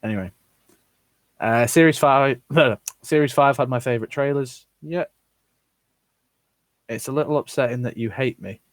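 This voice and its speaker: During a casual live stream, the host reads viewers' comments out loud and replies bluntly with frequent swearing. His medium-pitched voice moves at normal speed with many pauses, and the recording is dry.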